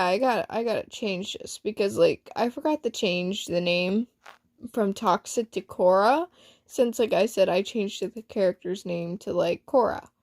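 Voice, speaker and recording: A woman casually reading aloud a story she wrote, swearing freely and breaking off into chatty asides and self-corrections. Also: medium pitch. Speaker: amateur storyteller reading her own story.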